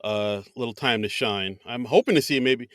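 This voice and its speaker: A man's voice: medium pitch, normal speed, a bit bright, clear, resonant tone, no echo, studio quality. A man co-hosting a podcast in casual chat, tossing in jokes and mock-dramatic asides. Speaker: podcast co-host.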